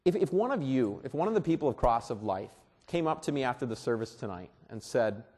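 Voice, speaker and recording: A man preaching a sermon as pastor at a church service, earnest and deliberate, often repeating words. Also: medium pitch, big pitch swings, a little mellow.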